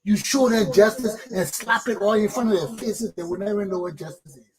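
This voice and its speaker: A man hosts a talk show and gives heated political commentary. His voice sits high for a man. He talks bluntly, swears freely and hammers the same words over and over. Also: a little fast, a crowd in the background, low-quality recording. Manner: blunt and profane, repeats words, laughs often.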